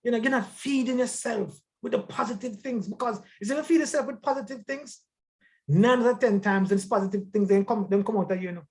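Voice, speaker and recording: A man's voice: high voice, fairly quick. A man teaching a church life-skills class in a conversational way, emphatic and often repeating words.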